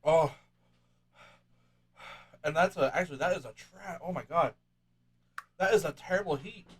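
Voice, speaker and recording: Male podcast host, casual, loud groans and exclamations between lines. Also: fairly high pitch, a little fast, husky. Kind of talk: casual chat.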